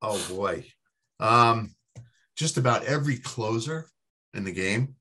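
Husky New Yorker talking baseball. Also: male voice, on the low side, lively intonation, slow pace, bright, forceful tone. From New York. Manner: rambling, with many fillers and restarts. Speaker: podcast guest. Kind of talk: casual sports chat.

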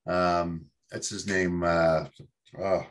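A man's voice: low-pitched, little pitch movement, very slow. A man from New York, a podcast guest, rambling casually about baseball with many fillers and restarts. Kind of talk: casual sports chat.

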